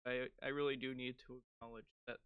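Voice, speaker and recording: A man's voice: medium pitch, quick pace, clear, resonant tone, no echo, phone-quality sound. A young man co-hosting a podcast, telling childhood stories in casual chat, full of filler words. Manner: animated storytelling with frequent "like" fillers. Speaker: podcast co-host.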